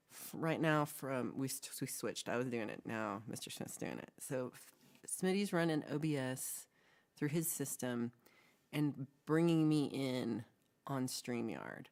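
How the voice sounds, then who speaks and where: A woman's voice: very deep voice, measured pace, darkish tone. A woman co-hosting a livestream, chatting casually and reading out comments in a rambling, giggly way with playful asides. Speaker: livestream co-host.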